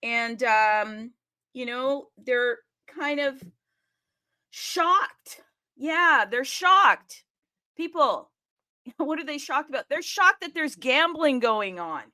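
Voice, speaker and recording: A woman hosting a live audio chat room, talking excitedly and casually, often addressing listeners as "people" and checking in with "okay?". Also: high voice, slow pace. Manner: animated, chatty, keeps asking "okay?" and addressing "people".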